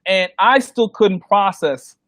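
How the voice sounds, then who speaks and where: A man, a DJ guest telling stories in a casual interview, animated and acting out the voices of people he quotes. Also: high voice, slow, a little hiss or hum. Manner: animated, acts out quoted voices, laughs often.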